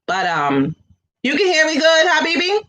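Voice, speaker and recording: A woman's voice: high-pitched, huge pitch swings, moderate pace, pushed and bright, low-quality recording. A woman co-hosting a casual religious talk show over a video call, chatty and laughing often. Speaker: co-host.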